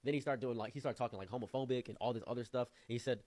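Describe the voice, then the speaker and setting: A young man from Africa with a Midwestern American accent, telling an animated story to camera. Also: rapid-fire, no echo. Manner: animated, jumping high when acting out surprise. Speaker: vlogger.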